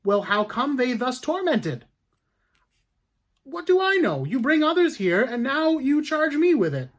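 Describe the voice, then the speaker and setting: A man's voice: very high voice, very animated, unhurried, pitched above the performer's own voice, exaggerated voice. A man voicing an accused beggar woman on trial, protesting her innocence indignantly.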